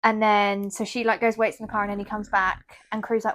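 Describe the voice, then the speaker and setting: A podcast co-host with a medium-pitched, slightly bright voice talks fairly quickly in a level tone. She retells a novel's plot in chatty book conversation, quoting its characters.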